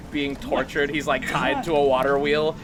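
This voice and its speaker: A man narrating as game master of a tabletop game, casual and quick to laugh. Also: mid-range voice, little pitch movement, background noise. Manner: casual, laughing, voices his characters.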